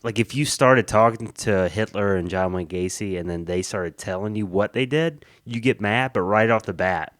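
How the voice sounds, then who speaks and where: A man co-hosting a comedy podcast, chiming in with quick jokes and frequent laughter. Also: fairly low pitch, fairly bright tone, dry recording, studio quality. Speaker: podcast co-host. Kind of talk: casual comedic banter.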